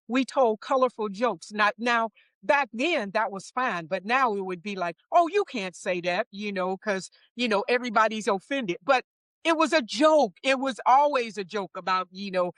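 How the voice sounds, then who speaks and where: A middle-aged woman guest in an interview, telling stories about her career with a lively manner. She laughs easily and acts out what others said. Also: on the high side, no echo. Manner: lively anecdotes, acts out quoted voices. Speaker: interview guest, wardrobe supervisor. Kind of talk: casual storytelling interview.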